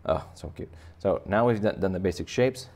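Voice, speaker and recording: A man with a deep, gravelly voice leads a relaxed drawing lesson for kids. He talks the viewer through each step and tosses in playful jokes as he draws. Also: moderate pace. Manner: chatty, joking asides while sketching. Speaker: art teacher. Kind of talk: casual drawing tutorial for kids.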